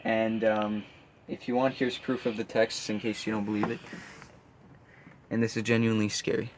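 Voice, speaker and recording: A young man tells a story from a camper at night, rambling and nervous, tripping over his words with many fillers. His voice stays flat, with little rise or fall. A faint noise sits under the recording. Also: fairly low pitch, normal speed, poor audio. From Quebec, Canada. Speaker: vlogger. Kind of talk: casual vlog storytelling. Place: outdoors.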